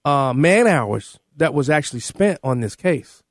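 A man hosting a talk radio show, excitable and quick to shout when he argues. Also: no echo, clean studio sound. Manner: excitable, shouts and jumps high in pitch when arguing. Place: radio studio.

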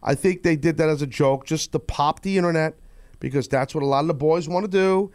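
A man hosting a podcast, talking bluntly and gruffly in rambling casual chat. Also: fairly high pitch, a little fast, a little mellow, no room sound, clean studio sound. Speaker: podcast host.

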